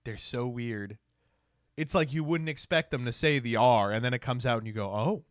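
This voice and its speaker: A man's voice: mid-range voice, moderate pace. A man streaming casual reaction commentary, exasperated and sarcastic, swearing at his chat.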